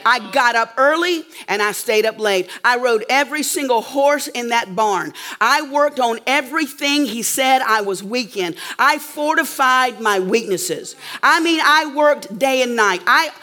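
A woman's voice: fairly high pitch, animated, a little slow, few pauses, bright, forceful tone. A woman preacher telling a story in a sermon to a live audience, emphatic and checking in with her listeners often.

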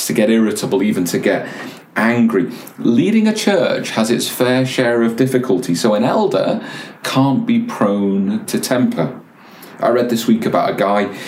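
A man preaching a sermon as pastor, measured, with pauses and repeated words. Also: fairly low pitch, reverberant, a little hiss or hum.

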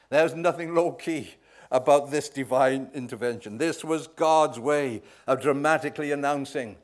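Emphatic male preacher delivering a sermon. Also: mid-range voice. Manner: emphatic, swells loud on key words, asks the congregation "right?".

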